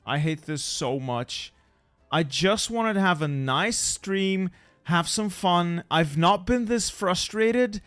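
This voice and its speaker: Young male streamer, slightly high voice, slow exasperated talk, dry close mic, faint music behind. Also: fairly bright tone, clean tone, no room sound. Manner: exasperated, grumbling at broken equipment, swears. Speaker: streamer playing a strategy game. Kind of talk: casual live-stream chat.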